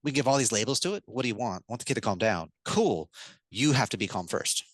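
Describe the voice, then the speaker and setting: A man speaking as a podcast guest, talking fast and animated, and now and then acting out the words a parent would say to a child. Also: on the low side, dry recording, low-quality recording. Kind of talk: enthusiastic podcast interview.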